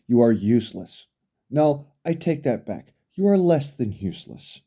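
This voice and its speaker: Male commentator, angry profane rant, mellow low timbre, very animated pitch. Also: measured pace. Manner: profane, furious, berating.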